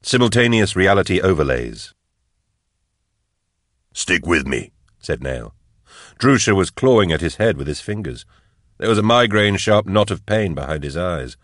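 Man, audiobook narration, very low voice, measured, dry close mic. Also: no room sound. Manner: measured, even storytelling. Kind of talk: scripted narration.

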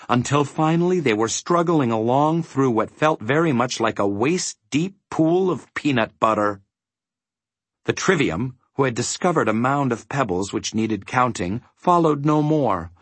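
Husky guy reading a kids story, lively ups and downs, dry close sound. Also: medium pitch, no echo. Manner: expressive reading. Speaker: narrator. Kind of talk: storybook narration.

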